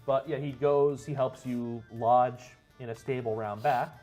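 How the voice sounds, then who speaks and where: A man's voice: mid-range voice, steady tone, unhurried, a little mellow, soft background music. Man narrating as game master. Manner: descriptive, rambling, with restarts.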